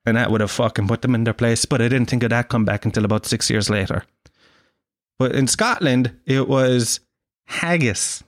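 Brief: Irish man, podcast host, self-mocking and sweary, mid-pitched voice, dry close sound. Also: normal speed, no echo. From Ireland. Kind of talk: comic monologue.

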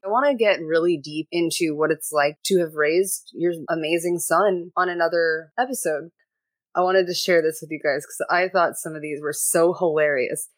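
A woman hosting a parenting podcast panel, telling stories in a lively, animated way. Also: sits low, moderate pace, dry recording. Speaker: podcast host. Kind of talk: casual panel chat.

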